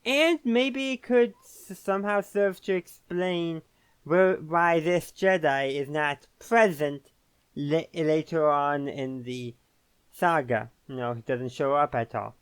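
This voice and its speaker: Rambling man talking games, smooth dry voice. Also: fairly high pitch, takes it slowly, no echo. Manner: rambling, self-correcting, casual. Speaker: host. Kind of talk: casual video game commentary.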